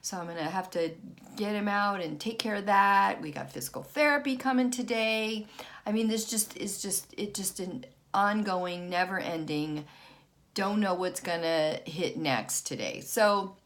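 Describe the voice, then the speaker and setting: A woman's voice: mid-range voice, a bit bright. A middle-aged woman vlogging casually, frazzled and frustrated, stopping and restarting her sentences. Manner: frazzled, halting, many restarts. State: worn out and frustrated. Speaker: vlogger and author. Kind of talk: casual personal vlog.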